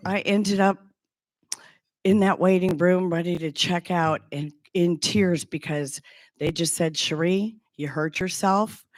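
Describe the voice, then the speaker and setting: Slow, low-voiced woman in her sixties. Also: a little mellow, no room sound. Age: 60s. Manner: earnest and halting, with frequent restarts. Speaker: former clinic patient giving a testimonial. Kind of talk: heartfelt personal testimonial.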